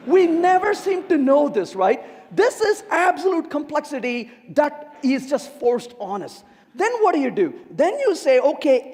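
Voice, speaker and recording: A high-voiced man talks with a swinging, animated pitch as he gives a comic conference keynote. He keeps asking the audience questions. His voice rings with long reverb from a large hall. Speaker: conference speaker. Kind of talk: humorous technical keynote.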